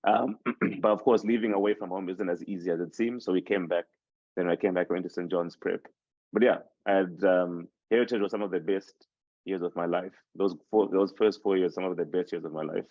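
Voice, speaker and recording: A man's voice: sits low, steady tone, brisk, darkish tone, no echo. A man in his twenties from Zimbabwe, a native Shona speaker, reflecting on his life in a casual podcast interview, rambling and restarting his sentences. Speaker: podcast host interviewed as guest. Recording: dull dry sound.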